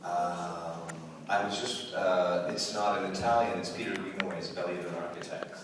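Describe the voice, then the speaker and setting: A man's voice: sits low, fairly even intonation, moderate pace. A man from Canada, a guest actor answering fan questions on stage in a chatty, playful way, often restarting his sentences. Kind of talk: casual Q&A on stage. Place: large convention hall. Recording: echoey hall, distant mic, crowd.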